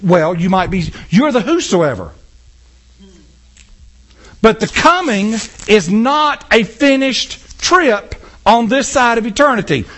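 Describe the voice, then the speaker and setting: Preaching in church at a slow pace, this high-pitched man is animated, using a congregation volunteer to act out scenes as part of an interactive sermon.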